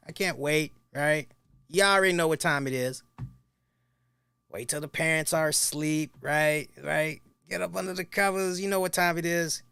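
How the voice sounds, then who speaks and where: A man's voice: fairly high pitch, a bit bright, clear, resonant tone, dry recording. A middle-aged man hosting a wrestling review, telling loose, crude, laughing stories in casual chat. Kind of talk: casual profane storytelling.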